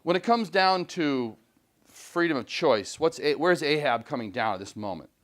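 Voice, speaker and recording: A man teaching a high school English class, chatty and full of questions to the students. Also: animated, normal speed, fairly bright tone. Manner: chatty, questioning, frequent "right?". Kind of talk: classroom lecture and discussion.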